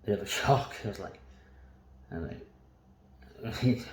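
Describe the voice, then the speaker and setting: A man's voice: lowish voice, measured pace. Rambling, foul-mouthed man in a roomy space. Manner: waffling, heavy swearing, frequent laughs. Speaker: vlogger. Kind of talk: rambling casual monologue.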